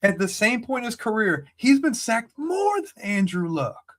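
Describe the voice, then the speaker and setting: A man's voice: very high voice, moderate pace. A man co-hosting a casual football podcast, ranting heatedly and cursing a lot. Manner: heated, profane, animated ranting. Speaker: podcast co-host. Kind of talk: casual sports chat.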